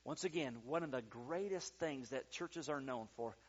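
A man's voice: medium pitch, moderate pace, muffled recording. A male pastor preaching a sermon, telling a story with acted-out quotes and building emphasis.

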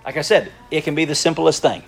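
A middle-aged man preaching a sermon as a pastor, telling stories in a lively way and laughing often. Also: a little high, fast talker, vocal fry.

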